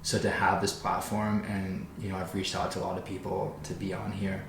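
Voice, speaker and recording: A young man speaks in a fairly low voice and chats casually on a podcast, leaning hard on "like" and "bro". He is recorded in a roomy space with noticeable echo, and he tells stories in an animated way. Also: brisk, gravelly, noisy background. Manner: animated storytelling, says "like" and "bro" constantly. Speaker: podcast co-host. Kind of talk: casual heartfelt chat.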